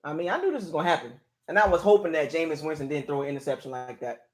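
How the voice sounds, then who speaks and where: A man with a fairly high, expressive voice talks at a racing pace while hosting his own sports fan channel. Reacting live to a game, he rants in frustration and exasperation, repeatedly saying "man" and "dog."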